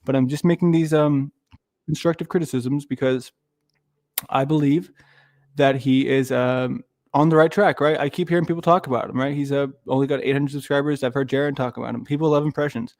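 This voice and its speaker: A man's voice: medium pitch, fairly even intonation, fairly quick, a little mellow, dry recording, clean studio sound. A man hosting a livestream, rambling through casual commentary with lots of swearing and restarts. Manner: rambling, profane, loses his thread. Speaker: streamer host.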